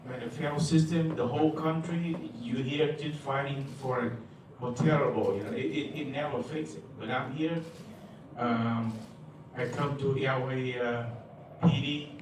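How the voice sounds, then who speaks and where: A man giving a public comment at a meeting, speaking in halting, repetitive broken English. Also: medium pitch, steady tone, noisy background. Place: large echoey meeting hall. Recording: echoey hall from far off.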